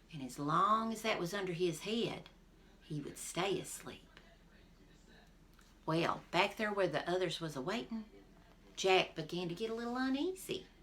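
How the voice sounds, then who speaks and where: A woman teacher reading a folk tale aloud to her class, expressive and talking to the listeners directly. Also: fairly low pitch. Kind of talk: storybook read-aloud for a class.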